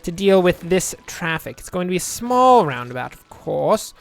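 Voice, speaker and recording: A man's voice: high-pitched, very animated, normal speed, vocal fry, soft background music. A young man casually commentating his gameplay, rambling and joking, muttering asides to himself at a home desk microphone. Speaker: let's play host.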